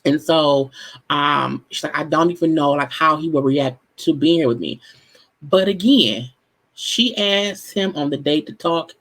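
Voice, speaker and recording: A vlog host runs through a casual recap of a dating show, talking in a blunt, profane, exasperated way. The voice sits at a middle pitch and keeps up a running commentary throughout. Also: unhurried, a bit bright, low-quality recording.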